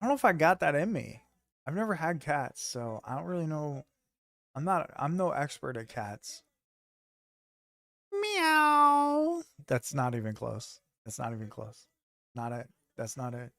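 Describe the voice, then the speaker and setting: A man's voice: medium pitch, lively intonation, moderate pace, gravelly, no echo. A man streaming from home, chatting loosely with his viewers, joking and swearing casually. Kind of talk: casual chat with live viewers.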